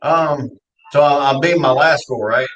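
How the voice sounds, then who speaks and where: A man's voice: mid-range voice, unhurried, a bit bright, highs cut off. Man, southern us accent, pool player, casual, laid-back. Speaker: tournament player. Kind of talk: casual chat.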